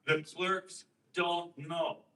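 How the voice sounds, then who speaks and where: Man, higher voice, very sharp tone, emphatic storyteller, distant mic. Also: level tone, extremely slow. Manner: emphatic, rhetorical questions, acts out quoted voices. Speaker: guest speaker on election systems. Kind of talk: explaining and storytelling to a host.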